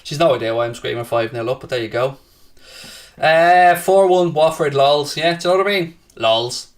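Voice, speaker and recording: Scouse football streamer, man, loud and sweary, a little high, set back from the mic. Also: moderate pace, distant mic. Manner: brash and profane, taunting rival fans; excitable, shouting at times. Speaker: host of a football watchalong stream. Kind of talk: casual live-stream chat, reading and answering viewer comments.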